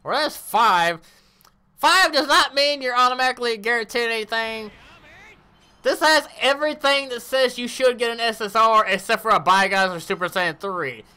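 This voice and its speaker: A woman giving casual commentary on her mobile game summons, animated and cursing at bad pulls. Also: fairly high pitch, normal speed, clear, resonant tone. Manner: animated, groaning, swears.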